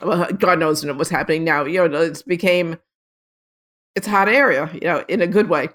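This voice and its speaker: A woman photographer in an interview, telling long rambling stories with many restarts and lively quotes of other people. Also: low voice, normal speed. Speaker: photographer guest. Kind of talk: casual storytelling interview.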